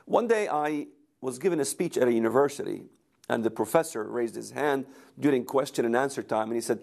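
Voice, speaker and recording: A man's voice: mid-range voice, animated, brisk, vocal fry, a little mellow. A man giving a lecture recorded for video, speaking emphatically and repeating words for rhetorical effect.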